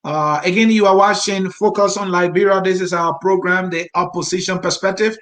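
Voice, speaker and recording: Man hosting a talk show, fairly high voice. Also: fairly even intonation, fairly quick, fairly bright tone, rough recording. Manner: probing, reads out quotes, brief backchannels. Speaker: host.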